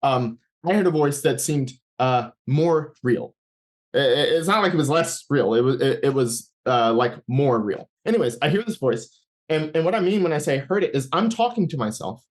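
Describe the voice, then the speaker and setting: A man's voice: fairly high pitch, expressive, normal speed. A man as an interview guest, giving a personal faith testimony in a rambling storytelling way, with frequent restarts and acted-out thoughts.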